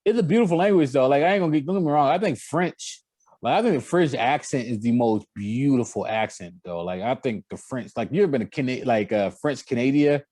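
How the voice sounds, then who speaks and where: A young man co-hosting a casual sports podcast, talking in an animated, laughing way with a jumpy pitch. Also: fairly quick, dry recording. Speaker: podcast co-host.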